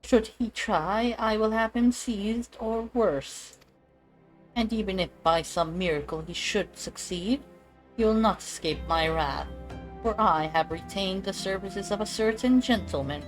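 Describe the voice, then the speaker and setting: A woman's voice: medium pitch, unhurried, soft background music, pitched above the performer's own voice, natural voice, low-quality recording. A woman voicing a cold, haughty noblewoman collector, reading game dialogue live in an imperious, scornful way.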